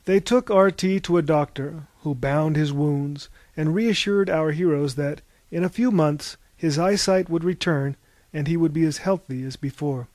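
Guy reading an audiobook, measured, slightly higher voice, dead dry room. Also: a little mellow, no room sound. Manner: measured, storytelling. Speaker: narrator. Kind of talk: audiobook narration.

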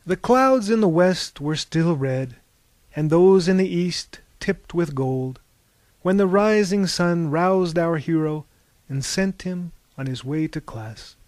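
Slow, measured male audiobook narrator. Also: fairly high pitch, lively intonation, darkish tone, no room sound.

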